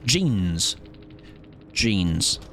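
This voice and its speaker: Casual live-stream chat from a man in his late 20s who plays a game while teasing and arguing with his audience, saying words over and over to test them. His low voice is sing-song, bright and forceful, with drawn-out words and slight background noise.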